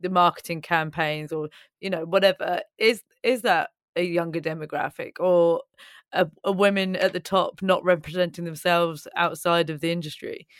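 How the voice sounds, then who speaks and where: A podcast host talks reflectively in casual conversation, often pausing and restarting as they search for words. Their mid-range voice sounds dry and close. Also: medium pitch, steady tone, fairly bright tone, no echo.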